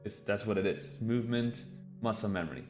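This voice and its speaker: Reacting to a documentary on a live stream, a man talks a little fast in a voice on the low side, with soft music in the background. He keeps the commentary casual, swearing freely and letting his emotions show openly.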